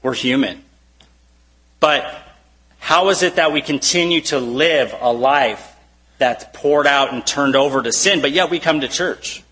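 A man's voice: medium pitch, measured pace, bright, forceful tone, rough recording. A man preaching a conversational sermon to his church, reading scripture and often asking rhetorical questions. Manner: conversational, fillers like "you know", rhetorical questions. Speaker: pastor.

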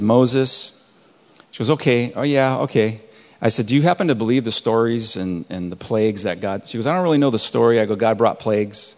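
A male pastor reading scripture and telling a story from his week in a relaxed, conversational sermon. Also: medium pitch. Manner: relaxed conversational preaching, chuckles at his own stories. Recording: long hall reverb.

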